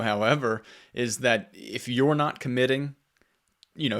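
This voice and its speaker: A man hosting a podcast interview, agreeing with his guest and asking follow-up questions with some halting restarts. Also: mid-range voice, a bit bright. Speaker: podcast host.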